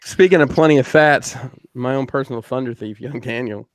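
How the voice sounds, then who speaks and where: A man's voice: mid-range voice, brisk, no room sound. A man hosting a podcast over a video call, joking loosely and swearing now and then. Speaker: podcast host. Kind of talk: casual chat.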